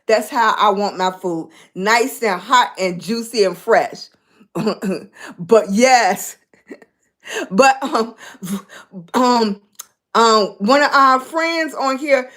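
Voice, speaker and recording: A woman's voice: a little high, animated, slow pace, a bit bright. Chatty older woman hosting a livestream. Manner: chatty, thanks viewers by name, folksy Southern-style speech. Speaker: livestream host. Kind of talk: casual live-stream chat.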